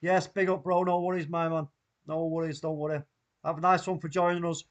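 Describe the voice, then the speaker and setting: A man with a Mancunian accent hosting a live football watchalong, reacting loudly and excitedly to the play. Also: a little high, a little fast, lo-fi sound. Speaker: watchalong host.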